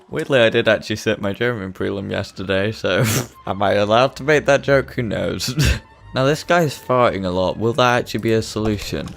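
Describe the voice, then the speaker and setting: A young man with a lowish, gravelly voice talks through his gameplay in a chatty, self-mocking way. Faint game music sits under his commentary. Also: moderate pace, a bit bright. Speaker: gaming channel host. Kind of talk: let's-play commentary.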